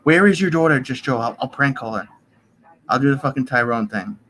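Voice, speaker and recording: A man's voice: medium pitch, lively intonation, brisk, fairly bright tone, low-quality recording. A young man streaming from his bedroom, chatting casually, joking and swearing as he rambles. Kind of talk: casual live-stream chat.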